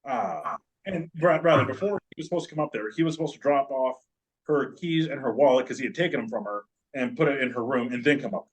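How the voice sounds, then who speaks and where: A man's voice: medium pitch, quick pace, poor audio. A man, a podcast guest, telling a long story in casual, joking, profane chat.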